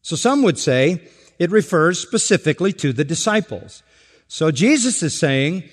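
A man preaching an expository sermon, slow and deliberate, stressing each point and asking rhetorical questions. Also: a little high, sing-song, big-room sound. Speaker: pastor. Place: church sanctuary.

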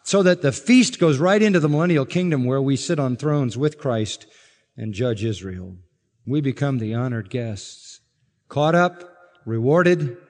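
A man's voice: a little high, a little mellow, in a large hall. A male pastor preaching an expository sermon, reading scripture aloud and building to emphatic peaks on key lines.

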